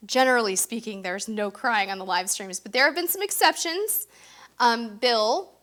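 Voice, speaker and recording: A woman's voice: on the high side, a bit bright. A middle-aged woman co-hosting a casual cruise live stream, reading viewer comments aloud with bubbly, effusive exclamations.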